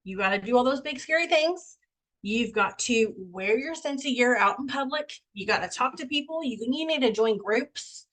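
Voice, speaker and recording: A woman's voice: on the high side, lively intonation, normal speed, a bit bright, rough recording. A young woman on a video call giving a casual, folksy pep talk to her team, a bit out of breath. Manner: candid, folksy, self-deprecating. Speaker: team member sharing sales tips.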